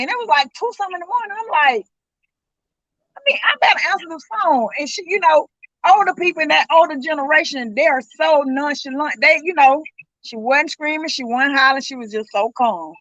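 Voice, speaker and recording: A woman's voice: high voice, animated, brisk, pushed and bright, no echo, rough recording. A middle-aged woman telling how she lost her son, earnest and reliving the moments through retold dialogue. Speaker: guest, grieving mother. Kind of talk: emotional personal account.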